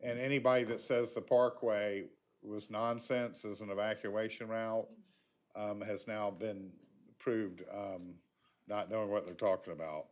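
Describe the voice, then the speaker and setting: A man's voice: fairly low pitch, steady tone, unhurried. A man giving a folksy, chatty public comment at a county meeting, with frequent ums.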